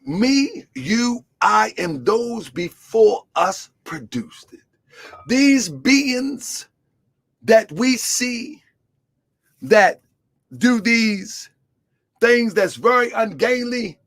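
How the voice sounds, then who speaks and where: A man with a strikingly high voice delivers a sermon as a religious teacher. He punches key words with shouted emphasis, then drops to low, quiet asides. He keeps asking his listeners to call back answers. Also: big pitch swings, very slow. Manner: call-and-response questions to listeners.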